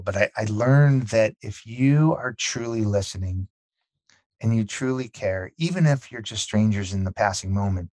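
A man's voice: fairly low pitch, dry recording. Earnest man telling stories, dry close sound. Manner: earnest, animated, acts out quoted dialogue. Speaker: podcast guest. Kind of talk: conversational storytelling.

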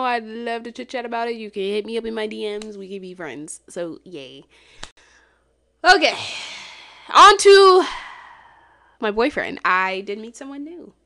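With a creaky voice and a clean tone, a woman chats casually on her solo podcast, blunt and profane, sliding from mumbles to loud exclamations.

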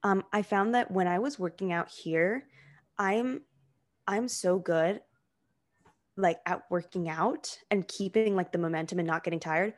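Chatty young woman, slightly low voice. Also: a little slow. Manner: chatty, heavy use of "like" fillers. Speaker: podcast co-host. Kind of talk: casual chat.

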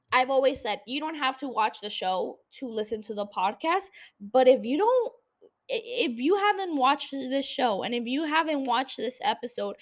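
A woman hosting a podcast, recapping a TV episode in a casual, blunt, gushing way and swearing freely. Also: on the high side. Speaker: podcast host.

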